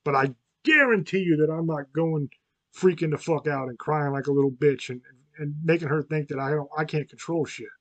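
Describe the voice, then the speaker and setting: A man's voice: fairly high pitch, fairly quick, fairly bright tone, no echo. Blunt, swearing man on a podcast. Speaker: podcast host. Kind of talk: profane podcast monologue.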